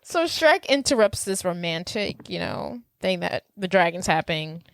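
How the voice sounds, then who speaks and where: Low-voiced woman recapping a movie. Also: a little slow, creaky, no echo. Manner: animated retelling, quotes lines in character. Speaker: podcast co-host. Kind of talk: casual movie recap chat.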